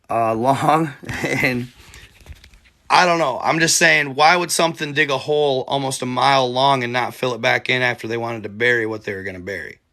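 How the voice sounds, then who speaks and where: A man's voice: medium pitch, sharp tone. A man hosting a casual livestream, rambling with many fillers and talking straight to his viewers. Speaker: livestream host.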